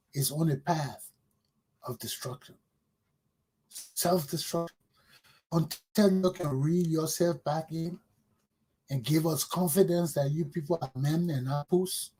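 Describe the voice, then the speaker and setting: A middle-aged man with a Liberian accent hosts a talk show, his high voice husky and a little rough. He delivers blunt, scolding political commentary and hurls insults at those he criticizes. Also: dark tone.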